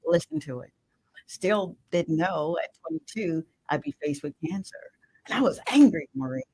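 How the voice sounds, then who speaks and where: Middle-aged woman guest, radio host herself; passionate testimony with sudden hushed drops, dry sound. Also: deep voice, very animated, normal speed, husky, no room sound, poor audio. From Mississippi. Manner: impassioned, swings from loud emphatic to hushed. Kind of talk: emotional personal testimony.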